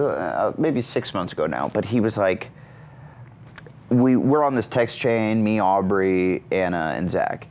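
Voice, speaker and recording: A man's voice: fairly low pitch, measured pace, a little hiss or hum. A man who is an actor and comedian, telling comic stories as a guest in an interview. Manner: animated, comic storyteller. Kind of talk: storytelling in an interview.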